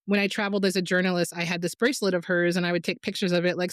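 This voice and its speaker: A woman's voice: fast, dry recording. A woman documentary filmmaker in a casual interview, telling stories animatedly and acting out quotes. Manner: animated storyteller, acts out quotes with big pitch jumps.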